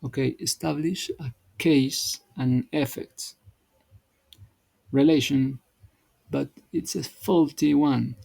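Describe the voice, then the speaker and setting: Male teacher walking through grammar drills; slow, halting, husky, restarts phrases, dry close sound. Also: mid-range voice, fairly even intonation, darkish tone, no echo, rough recording. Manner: halting, repeats and restarts words while explaining. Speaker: English teacher. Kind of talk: explaining grammar exercises.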